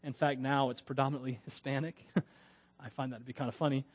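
A man's voice: medium pitch, fairly even intonation, brisk. A man from Florida preaching as a pastor, in a conversational, digressive way with frequent chuckles. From Florida, USA. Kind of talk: sermon.

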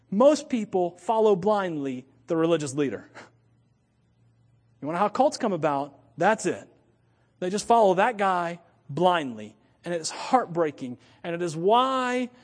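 A man preaching a sermon as pastor, animated, swinging from loud emphatic points to low, joking asides. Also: in a large hall.

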